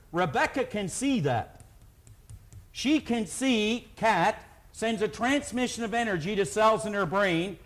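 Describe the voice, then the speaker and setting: A man speaking at a live motivational seminar, telling stories and leading the audience in call-and-response. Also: high voice.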